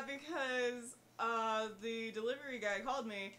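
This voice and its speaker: Woman, bright voice, rambling casual chat, slight background noise. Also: mid-range voice, unhurried, roomy sound. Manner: chatty, laughing, rambling. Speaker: streamer's co-host joining in.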